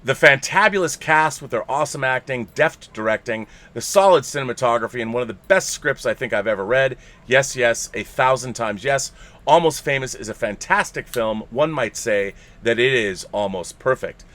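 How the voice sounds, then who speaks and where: A man's voice: mid-range voice, normal speed, a bit bright. Man reading a listener letter on a podcast. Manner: playful, theatrical reading with bursts of laughter. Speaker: podcast host. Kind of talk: reading a listener letter aloud on a live show.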